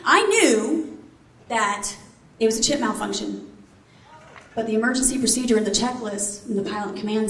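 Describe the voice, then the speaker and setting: She pauses often, keeping a moderate pace, and her slightly high, fairly bright voice stays animated. A middle-aged keynote speaker and former Army helicopter pilot, she tells a story to a live audience in a large room and quizzes them, and the recording picks up the echoey hall and faint ambience.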